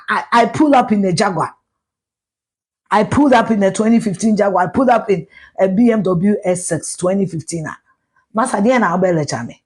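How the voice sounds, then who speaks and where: A middle-aged Ghanaian woman with a Ghanaian accent, ranting loudly and profanely in a live video, slipping into Twi. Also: mid-range voice, a little fast, breathy edge. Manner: loud, profane, mixes in Twi. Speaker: social media personality.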